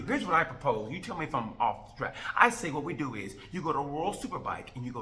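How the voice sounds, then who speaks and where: A man with a bright, forceful voice hosts a racing review as a loose comedic rant. He rambles from joke to joke and throws in exasperated asides. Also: on the high side, sing-song, quick pace, few pauses. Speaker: host of a motorcycle racing review.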